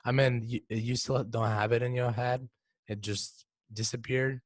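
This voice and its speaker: A teenage boy co-hosts a casual podcast, talking at medium pitch with a fairly even, unhurried delivery on a dry, echo-free track. He explains ideas but keeps restarting and repeating words.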